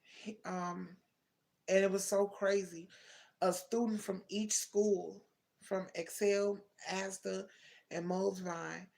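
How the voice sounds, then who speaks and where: A woman's voice: medium pitch, flat delivery, slow pace, creaky, darkish tone. A young woman casually telling a heartfelt personal story on a livestream, rambling and correcting herself as she goes. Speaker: livestream host.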